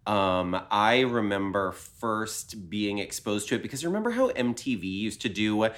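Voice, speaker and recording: A male podcast guest with a fairly low voice rambles through his memories. He is playful and pokes fun at himself. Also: expressive, moderate pace, a bit bright. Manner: playful, self-mocking, rambling recollection. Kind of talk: casual chat.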